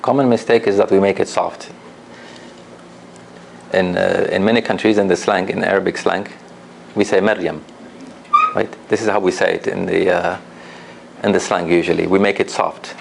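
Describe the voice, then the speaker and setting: A man teaching Quran recitation to a class, patient and repeating each example slowly while asking the students questions. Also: deep voice, steady tone, gravelly, slight background noise. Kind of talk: classroom lesson.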